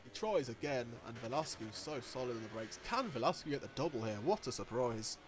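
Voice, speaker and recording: A man giving live commentary on an online motorcycle race, getting excitable and jumping high at the overtakes, with race engine noise behind him. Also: fairly quick. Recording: noisy with engine sounds behind. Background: racing game engine noise.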